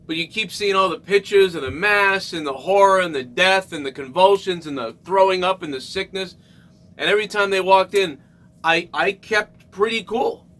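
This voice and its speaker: A man hosting a comedy show, giving a ranting comedic monologue that often bursts into loud shouts. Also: high voice.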